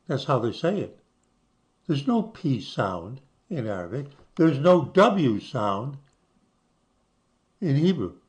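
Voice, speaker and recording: Slow older man explaining on screen. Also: on the high side. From United States. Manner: slow, explanatory, spells things out letter by letter. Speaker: channel host. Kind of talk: casual screen-share explainer.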